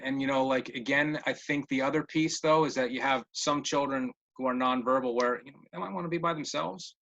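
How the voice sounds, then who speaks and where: A man's voice: medium pitch, a bit bright, muffled recording. A man answering questions in a casual webinar as a behavior interventionist, often repeating words as he thinks, over a video call. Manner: repeats words while thinking, many fillers.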